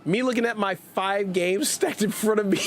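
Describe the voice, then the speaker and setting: Hyper, high-voiced streamer dad. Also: male voice, heavy background noise. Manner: energetic, hyper and jokey; rambling with frequent restarts. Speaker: gaming livestream host. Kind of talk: casual livestream chat.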